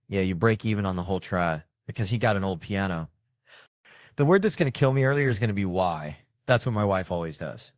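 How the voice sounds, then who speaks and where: A low-pitched man tells long, meandering comic stories in a relaxed interview chat. His voice sits close and dry with almost no room around it. He talks like a touring stand-up swapping road tales. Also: fast, dry recording. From United States. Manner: rambling, joking storyteller. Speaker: comedian guest.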